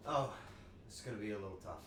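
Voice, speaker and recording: A man with a fairly low voice talks very fast while chatting with viewers on a cooking stream from his home kitchen. He's playful, joking with chat and breaking into animated outbursts, and the echoey room carries faint ambience and background noise.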